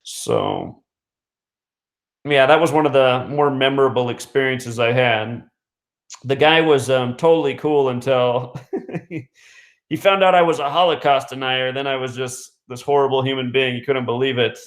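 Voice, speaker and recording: A man's voice: mid-range voice, lively intonation, normal speed. A man host telling a long story in a loose, casual way, full of fillers, restarts and small chuckles. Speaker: radio host. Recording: roomy echo.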